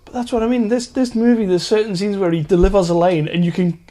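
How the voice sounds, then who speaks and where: A man with a high voice talks through films with a friend on a podcast. He is chatty and sweary and laughs often. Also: steady tone, quick pace, dark tone. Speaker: podcast co-host. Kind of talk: casual chat.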